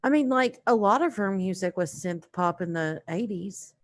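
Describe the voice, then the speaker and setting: A woman taking part in an online quiz, chatting casually and quickly explaining her answers. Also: medium pitch, animated. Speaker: quiz contestant. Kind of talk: casual chat on a video call.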